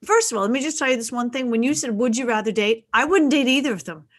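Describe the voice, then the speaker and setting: A woman on a casual talk panel speaks in a somewhat high voice. She rambles through her answers in an animated, chatty way. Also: fast talker.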